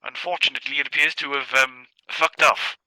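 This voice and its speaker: Man, game chat player, wry dry banter, bright close headset sound, no room. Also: medium pitch, fairly even intonation, brisk, no echo, rough recording. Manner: dry, wry banter between tactical callouts. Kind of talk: gaming voice chat.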